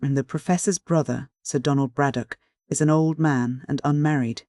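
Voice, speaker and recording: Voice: medium pitch, fairly even intonation, moderate pace, dark tone, no echo, studio quality, natural voice. A reader voicing a frank, cool-mannered young woman in an audiobook, plain and blunt in speech. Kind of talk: audiobook dialogue reading.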